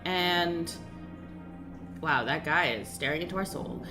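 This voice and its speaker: A woman's voice: lowish voice, over music. A young woman streaming a game in casual, rambling chat and laughing often. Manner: chatty, rambling, quick to laugh.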